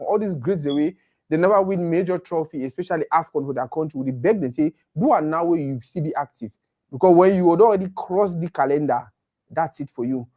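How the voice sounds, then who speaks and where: A man with a Nigerian accent chatting animatedly about football, slipping into Pidgin. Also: a little high. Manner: animated, mixes Pidgin with English. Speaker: co-host. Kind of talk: casual football chat.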